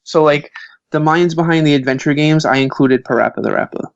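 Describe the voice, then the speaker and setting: A man in his thirties with a Brooklyn New York accent, chatting as a podcast guest and telling lively stories. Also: on the high side, a little fast, gravelly, clean tone, no echo, muffled recording. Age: 30s. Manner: animated storyteller, acts out quoted voices. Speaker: guest author. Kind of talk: casual podcast chat.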